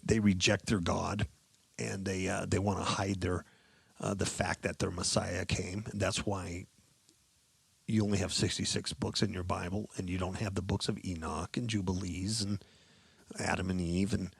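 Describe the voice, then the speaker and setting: A man with a very low, gravelly voice preaches with fervor, dropping to quiet asides and then rising to loud, drawn-out scripture readings. His tone is husky, and the recording is dry and close. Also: no echo. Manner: impassioned, swings from low mutters to loud emphatic reading; repeats words and phrases for emphasis. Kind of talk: sermon.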